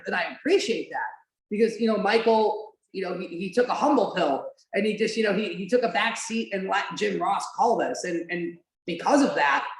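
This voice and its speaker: A woman hosting a podcast, chatting casually and animatedly during a watch-along, with lots of "like" fillers and the odd swear. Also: mid-range voice. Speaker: podcast host. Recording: roomy echo.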